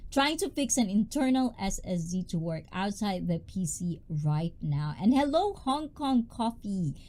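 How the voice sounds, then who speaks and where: A woman, hosting a casual livestream in a loud, bubbly, chatty way and greeting viewers by name. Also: sing-song, unhurried. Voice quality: high-pitched. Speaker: livestream host.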